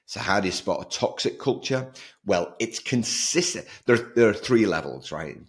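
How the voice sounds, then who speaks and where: A man hosting a solo podcast, talking in an energetic, emphatic way and repeating words for stress. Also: fairly low pitch, normal speed. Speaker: podcast host.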